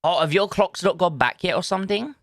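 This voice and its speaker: A man's voice: sits high, fairly quick, a bit bright, no room sound, clean studio sound. A man, chatting casually on a live stream, thinking aloud and greeting viewers from chat. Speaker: livestreamer.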